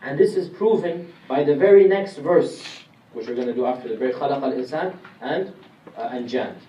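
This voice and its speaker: A man's voice: mid-range voice, expressive, racing, mellow, a little hiss or hum. A man giving a classroom lecture on Quran commentary, explaining step by step and putting questions to his audience. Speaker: Islamic lecturer. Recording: roomy distant room recording, faint ambience.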